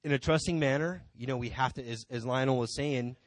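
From the pulpit of a church sanctuary, a man with a mid-range voice shares an informal testimony a little fast. He's conversational and rambles through many asides; there's no echo.

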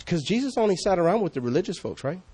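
Animated male preacher, lively pitch. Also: quick pace, husky. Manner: animated, swinging between loud calls and hushed asides; conversational, asks the congregation questions. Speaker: pastor. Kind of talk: sermon.

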